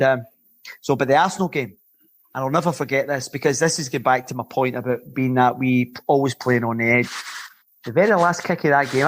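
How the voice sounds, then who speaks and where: A Scottish man in his fifties, a former footballer and podcast guest, telling lively rambling stories and swearing freely. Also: mid-range voice, slight background noise. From Scotland. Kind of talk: casual anecdotal storytelling.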